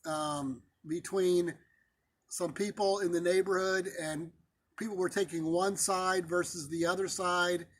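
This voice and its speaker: A male pastor telling a personal story in a sermon, conversational and halting, with many fillers and restarts. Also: high voice, fairly even intonation.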